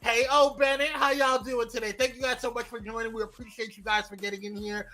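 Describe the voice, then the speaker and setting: A man hosting a live morning show, greeting viewers by name in a lively, playful way. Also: extremely high pitch, fairly quick.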